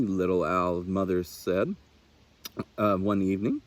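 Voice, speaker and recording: A man, a naturalist, reading a children's picture book aloud with expressive, unhurried storytelling. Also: lowish voice, no room sound.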